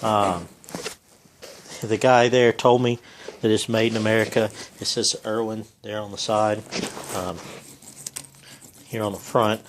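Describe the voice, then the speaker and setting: Guy, lowish voice, folksy and rambling, home garage vlog with faint workshop noise behind. Camera mic, casual delivery. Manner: rambling, folksy, lots of ums. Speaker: home mechanic filming a repair.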